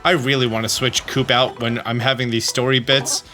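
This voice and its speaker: A man's voice: medium pitch, little pitch movement, normal speed, pushed and bright, faint music behind. A young man giving joking, rambling gameplay commentary as a let's play host.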